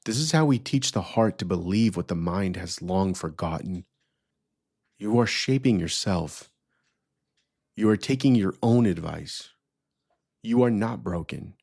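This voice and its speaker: A man hosting a podcast, leading listeners through a guided affirmation ritual with slow, emphatic repetition. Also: low voice, animated, vocal fry, darkish tone, no echo, studio quality. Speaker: podcast host.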